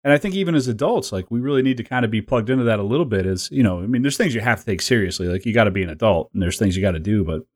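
A man's voice: lowish voice, rapid-fire, hardly any pauses. Rambling, jokey man in his forties. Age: 40s. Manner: rambling, jokey, laughs often. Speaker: podcast co-host. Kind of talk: casual chat.

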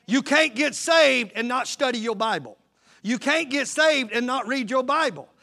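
A man with an extremely high, pushed, bright voice preaches a fervent sermon as a pastor. He repeats lines and calls out to his congregation in a call-and-response style.

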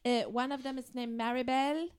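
Deadpan woman spinning absurd details. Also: sits high, normal speed. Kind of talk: casual comedic chat.

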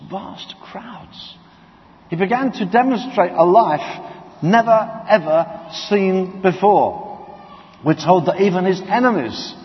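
A man preaching a sermon, telling stories with lively acted-out quotes. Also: sits high. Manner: animated storytelling, acting out voices and quotes. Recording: dull sound, long hall reverb.

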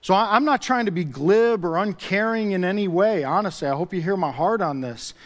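A pastor with a high-pitched male voice delivers a sermon. He talks to the congregation in a casual, conversational way. He rises into emphatic swells and repeats key phrases for weight. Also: fairly quick.

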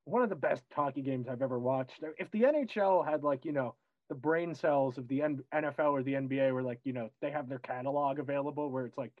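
A man's voice: mid-range voice, quick pace, dry recording. A man hosting a casual chat, giving a rambling opinion, recorded dull and dry.

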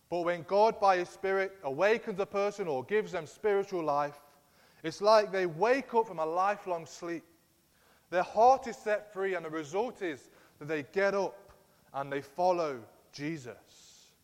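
An earnest male preacher delivers a sermon with emphatic conviction, his voice sitting a little higher than most men's. A long reverb trails each phrase, as if he speaks in a large church hall.

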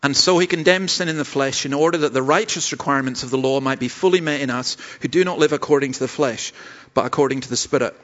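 A man's voice: mid-range voice, fast talker, few pauses, fairly bright tone, muffled recording. A Scottish man, a pastor preaching a sermon, earnest and self-deprecating, with stumbling restarts. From Scotland.

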